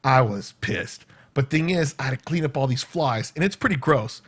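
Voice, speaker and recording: A man's voice: mid-range voice, moderate pace, husky. A man vlogging from his home, telling a rambling story to the camera and often breaking off with "right?". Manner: animated, rambling, peppered with "right?" and laughs.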